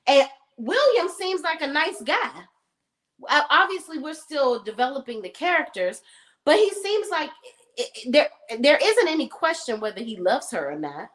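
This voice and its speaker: A woman with a slightly high voice that swings widely in pitch, recapping a TV episode for a streamed talk show. She talks casually and swears freely, throwing herself into acting out the characters' lines as she goes. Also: normal speed, low-quality recording. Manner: animated storytelling, acts out characters' lines. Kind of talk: casual chat with profanity. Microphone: remote stream setup.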